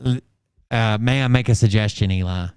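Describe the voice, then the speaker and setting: A man's voice: lowish voice, normal speed, a little mellow, clean tone, dry recording. A man mocking a played clip with crude, sarcastic, profane ridicule. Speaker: reaction commentator.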